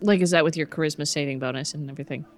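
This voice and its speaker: A woman's voice: sits low, racing, faint music behind, a faint crowd. Teasing woman running a tabletop game. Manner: laid-back and teasing, with light laughs. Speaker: game master.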